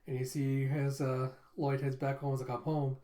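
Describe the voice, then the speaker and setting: A man's voice: mid-range voice, completely flat delivery, normal speed, mellow. A man casually recapping manga chapters as a reaction host, rambling and swearing now and then. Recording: roomy echo.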